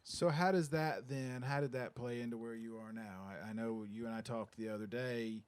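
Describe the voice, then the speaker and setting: A man, a newspaper reporter, asking measured questions with small hesitations in a casual interview. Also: mid-range voice, fairly even intonation, no room sound.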